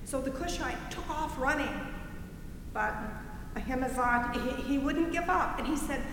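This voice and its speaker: A woman reads a scripture passage aloud in church with expressive, storyteller's delivery. Her voice sits high and rings through a strongly echoing sanctuary. Loud room noise hangs behind her. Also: unhurried. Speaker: scripture reader. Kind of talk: dramatic scripture reading. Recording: echoey hall with loud ambience.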